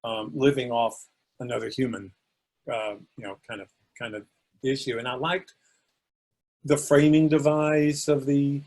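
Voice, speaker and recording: A man's voice: mid-range voice, fairly even intonation, a little slow, darkish tone. A man co-hosting a podcast, giving thoughtful, meandering opinions on a film. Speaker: podcast co-host. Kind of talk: casual film discussion.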